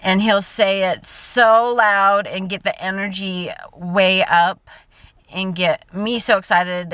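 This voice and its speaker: A woman's voice: on the low side, a bit bright, no echo. A woman in her thirties talking casually to camera in a personal vlog, chatty and emotional, often trailing off and restarting. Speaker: vlogger.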